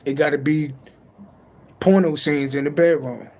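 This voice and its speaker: A man's voice: fairly high pitch, fairly even intonation, a little slow, darkish tone. A man giving a late-night tarot reading on a livestream, talking in a loose, profane, rambling and joking way. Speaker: tarot reader on a live stream. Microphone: livestream mic.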